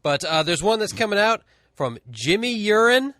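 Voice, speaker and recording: A man's voice: sits high, big pitch swings, normal speed, bright, forceful tone, no echo, clean studio sound. Laid-back, jokey male podcast host. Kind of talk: casual chat. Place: record store.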